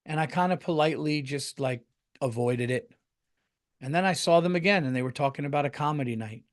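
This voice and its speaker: A middle-aged man hosting a comedy podcast, telling stories in a casual, animated way, swearing freely and jumping into loud acted-out quotes. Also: fairly high pitch, a little fast.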